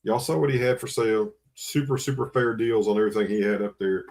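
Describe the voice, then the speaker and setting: A man's voice: lowish voice, fast, darkish tone. A man hosting a live online auction, repeating bids and coaxing buyers with auctioneer patter. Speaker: livestream auction host.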